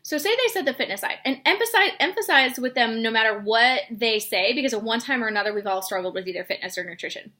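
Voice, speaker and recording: Bright, chatty woman coaching. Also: a little high, lively intonation, fast talker, hardly any pauses. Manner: chatty, filler-heavy, acts out sample messages in a bright upbeat voice. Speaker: fitness coach. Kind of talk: casual instructional talk.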